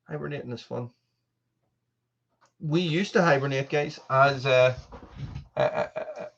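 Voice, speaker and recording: A man's voice: medium pitch, measured pace, vocal fry, lo-fi sound. An Irish man hosting a live stream, chatting casually while reading viewer comments, often restarting his sentences. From Ireland. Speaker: channel host.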